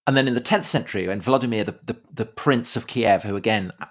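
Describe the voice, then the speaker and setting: A man co-hosting a podcast in a casual conversational style, halting often with fillers and repeated words. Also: mid-range voice, slightly rough. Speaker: podcast co-host. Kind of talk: casual conversational history chat.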